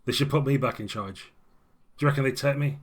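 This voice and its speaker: A man's voice: medium pitch, fast talker, natural voice. A man voicing a grumbling older former alderman who rants nostalgically about the old days. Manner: ranting, complaining, nostalgic.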